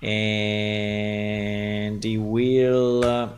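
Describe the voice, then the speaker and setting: A man's voice: fairly low pitch, completely flat delivery, drawn-out words, slight background noise. A man with an Italian accent, a game developer who thinks aloud while coding on a live stream and keeps checking in with "right?".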